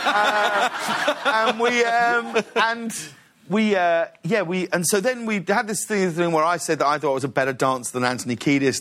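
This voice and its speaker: Laughing man telling a story, high voice. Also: pushed and bright. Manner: laughs often, fills with "like" and "uh". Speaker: talk show guest. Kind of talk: animated anecdote telling. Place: television studio.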